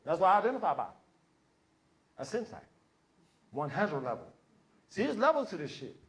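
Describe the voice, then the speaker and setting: A man doing stand-up comedy, telling an animated, profane story and acting out the voices of others. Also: high-pitched, normal speed. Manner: profane, slangy. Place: comedy stage before a live audience.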